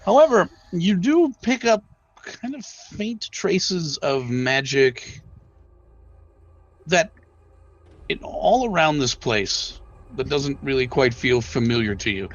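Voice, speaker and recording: Slow, halting man as game master. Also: on the high side, sing-song, no echo. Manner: slow and hesitant, many ums. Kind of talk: narrating a tabletop game. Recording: dull lo-fi sound with faint music.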